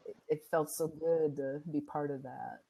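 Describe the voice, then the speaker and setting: A woman guest in a casual interview chat, speaking thoughtfully and calmly, pausing to find her words. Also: deep voice, vocal fry, husky, rough recording. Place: home with a dog nearby.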